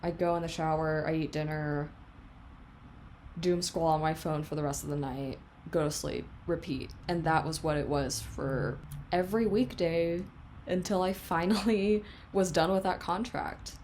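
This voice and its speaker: Brief: young woman vlogger, lowish voice, candid and reflective, loose casual delivery, faint noise behind. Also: steady tone, moderate pace, darkish tone. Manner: candid, reflective, filler-heavy. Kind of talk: casual confessional vlog.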